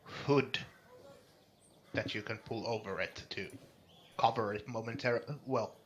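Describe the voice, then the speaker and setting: A man's voice: lowish voice, measured pace, slight background noise. A man running a tabletop game as game master, with a dry, matter-of-fact delivery over a voice call.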